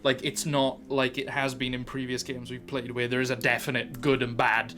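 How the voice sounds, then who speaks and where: A man's voice: mid-range voice, little pitch movement, normal speed, sharp tone. A British man narrating as game master, laughing and rambling through descriptions.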